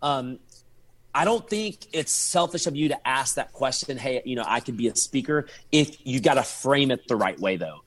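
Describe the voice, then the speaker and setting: A man's voice: mid-range voice, normal speed. A man, a podcast guest telling stories in casual chat, acting out his own texts and thoughts. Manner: animated storyteller, acts out his own texts and inner thoughts.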